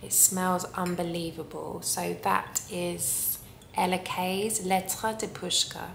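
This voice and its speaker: A woman talks slowly and unhurriedly, drawing out her words as she raves about what she loves. Her voice rings in a noticeably echoey room with a faint rumble underneath. She gushes warmly and takes her time, like a fan sharing her favorites. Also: level tone, gravelly. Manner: gushing, savoring descriptions. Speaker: perfume reviewer. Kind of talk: casual review vlog.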